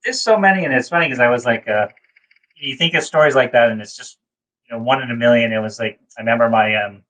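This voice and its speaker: A man from New England tells stories in a casual chat, wandering through fillers and asides before getting to the point. His voice sits at an everyday middle pitch. He slips into high, excited voices whenever he acts out what someone said. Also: fast talker, poor audio. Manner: rambling storyteller, acts out quotes in a high voice. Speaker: co-host. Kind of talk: casual chat, anecdote telling.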